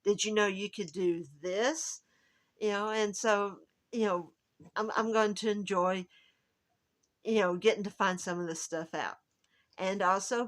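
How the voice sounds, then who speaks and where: A woman's voice: lowish voice, a bit bright. A woman hosting her own video channel, talking casually and rambling with lots of fillers and restarts. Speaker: genealogy channel host. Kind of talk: casual chat to viewers.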